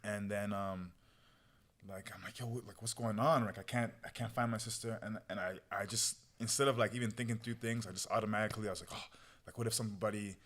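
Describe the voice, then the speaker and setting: Young man, podcast guest, low voice, rapid delivery, slangy, casual storytelling. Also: steady tone, fairly bright tone. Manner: slangy, peppered with "bro" and "yo"; relives moments through quoted self-talk.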